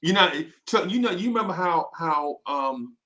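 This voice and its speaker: Animated man telling stories. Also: fairly high pitch, moderate pace. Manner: animated, lots of fillers and asides. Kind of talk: casual storytelling chat.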